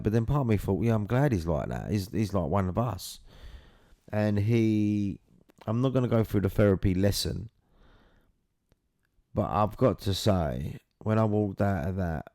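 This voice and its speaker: A middle-aged man speaks in a very low, dark and mellow voice, recorded close and dry. He tells his own story candidly and earnestly, with casual swearing. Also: no room sound. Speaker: father telling his story.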